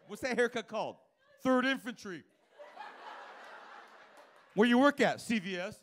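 A male stand-up comedian riffs on people in the crowd, brash, profane and teasing. His voice sits high and bounces around animatedly. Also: expressive, a little slow, a bit bright, slight background noise. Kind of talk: live stand-up crowd work. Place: comedy club stage before live audience.

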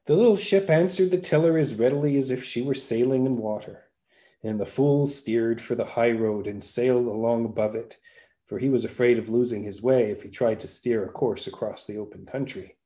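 A man narrating a folktale aloud with a lively, varied storytelling delivery. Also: medium pitch, normal speed. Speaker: podcast storyteller.

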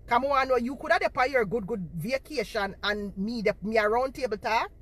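A woman's voice: a little high, a little fast, few pauses, fairly bright tone. A woman, confronting her viewers on a livestream and repeating herself for emphasis, talking into a phone held in front of her face. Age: 40s.

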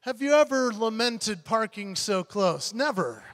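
A motivational speaker, a man, telling an animated story on stage and acting out the voices. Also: high-pitched, unhurried. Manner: animated, acts out voices, builds to punchlines. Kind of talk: keynote storytelling speech. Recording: long hall reverb.

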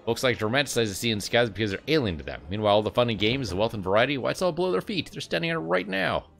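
A man's voice: medium pitch, expressive, racing, vocal fry, fairly bright tone, faint music behind. A man reading out game dialogue for a rambling, boastful elf companion who used to be a miner. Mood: breezy.

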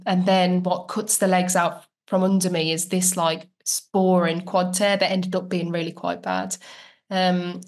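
A woman with a slightly low voice talks openly as a guest on a relaxed podcast interview. She is chatty and reflective, drifts through "like" fillers and slows down to stretch the words she wants to stress. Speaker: guest, professional footballer.

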